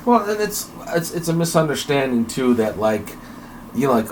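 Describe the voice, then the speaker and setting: A man's voice: mid-range voice, sing-song, a little fast, a little hiss or hum. Joking man in casual podcast chat. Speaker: podcast co-host.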